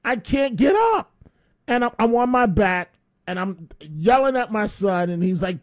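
A man's voice: very high voice, big pitch swings, a little slow, gravelly. A middle-aged man hosting call-in talk radio, telling stories animatedly and laughing at himself. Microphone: studio microphone.

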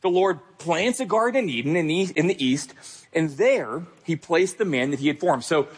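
Male pastor, sermon, husky tone, fairly high voice, emphatic, direct address. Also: animated, moderate pace.

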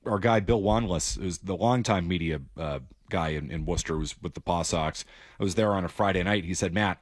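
A man's voice: deep voice, no room sound, studio quality. Opinionated male sports radio host. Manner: opinionated, brisk, takes calls. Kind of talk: call-in sports radio talk.

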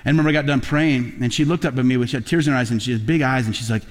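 A man preaching a sermon as a pastor, talking conversationally and rising to loud, emphatic peaks. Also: mid-range voice, racing. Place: large church auditorium. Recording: long hall reverb.

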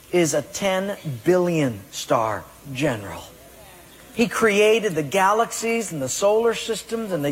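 A pastor preaching a sermon with emphatic delivery and rhetorical questions to the congregation. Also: male voice, high voice, breathy edge. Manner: emphatic preaching, rhetorical questions, acts out excuses in quoted voices. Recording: long hall reverb.

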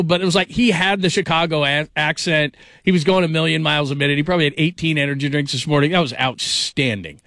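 A man's voice: a little high, fairly bright tone, no echo, studio quality. Upbeat man hosting sports radio. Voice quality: enthusiastic, repeats superlatives.

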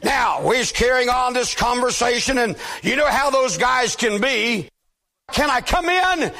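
Male preacher, very high gravelly voice, bright and tense, slow deliberate delivery, emphatic shouting, long church hall reverb. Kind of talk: sermon.

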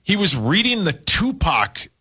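A man tells rambling, self-deprecating stories in casual talk-show banter. His voice is bright and slightly husky. His pitch swings widely as he talks. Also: very animated, unhurried. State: caffeinated, talking fast.

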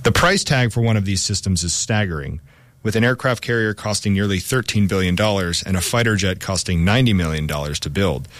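A man's voice: low voice, fairly quick, a bit bright, no room sound. A man co-hosting a history podcast, reading a script with casual asides. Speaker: podcast co-host.

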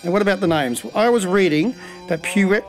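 A man's voice: high voice, normal speed, soft background music. A man co-hosting a radio show, teasing and playfully skeptical, laughing often. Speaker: radio co-host. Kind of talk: casual banter on air.

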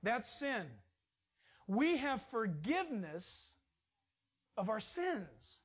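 A man's voice: very high voice, very animated, extremely slow, slightly rough. Male pastor delivering a sermon, emphatic and conversational. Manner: emphatic, conversational preaching with sudden rises.

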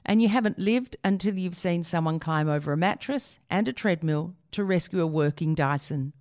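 A woman's voice: on the low side, normal speed, few pauses, darkish tone, no room sound, clean studio sound. Wry woman reading aloud. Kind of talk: read-aloud humorous essay.

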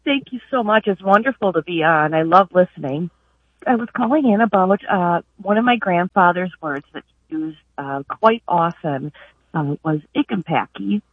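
A woman's voice: fairly low pitch, normal speed, husky, no echo. A woman calling in to a radio show, eagerly explaining a family word at length. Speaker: caller. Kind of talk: phone call to a radio show. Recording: tinny phone line.

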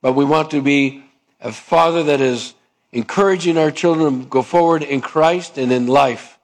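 A man preaching a sermon with a somewhat high-pitched voice. He asks the congregation questions and calls for an amen. He acts out everyday dialogues in shifting voices. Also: moderate pace. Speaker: pastor.

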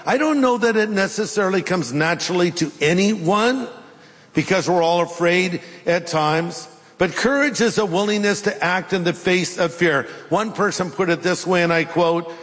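A middle-aged man delivering a sermon in a fairly high voice, acting out scripture scenes with lively changes. His words ring with the long reverb of a large hall. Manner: animated, acts out biblical dialogue in voices. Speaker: pastor.

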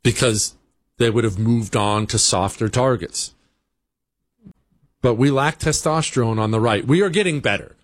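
A man's voice: medium pitch, normal speed, pauses often, dry recording, clean studio sound. A man hosting a talk radio show, delivering a sarcastic, combative monologue.

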